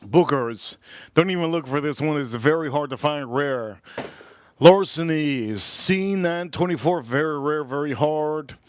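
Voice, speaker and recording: A man's voice: a little high, measured pace, slight background noise. A jet-lagged man hosting a casual livestream, repeating himself, swearing loosely and calling out to viewers. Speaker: livestream host.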